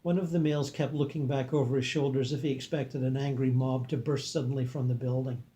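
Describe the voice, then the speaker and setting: A man reading a book aloud in a calm, earnest manner and adding his own comments. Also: medium pitch, fast talker. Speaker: reader and commentator.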